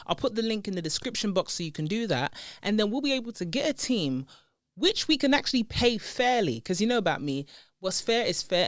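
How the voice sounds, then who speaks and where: A woman's voice: fairly low pitch, no echo, clean studio sound. A woman hosting a podcast, chatting casually and playfully, laughing often and using slang. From United Kingdom. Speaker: podcast host. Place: seated indoors. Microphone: podcast microphone.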